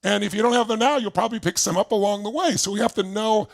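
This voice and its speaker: An older man telling a story as a motivational speaker, animated and laughing as he asks the audience questions. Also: high-pitched, fast, gravelly. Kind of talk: storytelling seminar talk.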